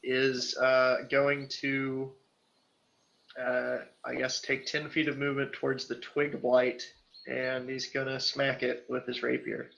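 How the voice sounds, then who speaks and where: A man's voice: medium pitch, completely flat delivery, slow pace, creaky, a bit bright, highs cut off. A man playing a tabletop game, describing his turn hesitantly and wryly. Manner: hesitant and wry, with many fillers. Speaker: player. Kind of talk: casual tabletop game chat.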